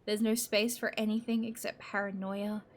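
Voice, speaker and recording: A woman's voice: mid-range voice, level tone, moderate pace. A woman narrating a story in the first person, in a tense, emotional way.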